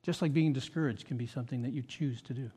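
A male pastor with a mid-range, husky voice preaches at a quick pace. His sermon swings between loud, emphatic points and quiet, reflective asides.

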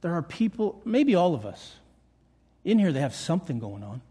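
An older pastor preaches in a high, light voice. He talks earnestly and repeats key lines to drive them home, as in a sermon to his congregation. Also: very animated, normal speed, mellow, slightly rough. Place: church meeting room.

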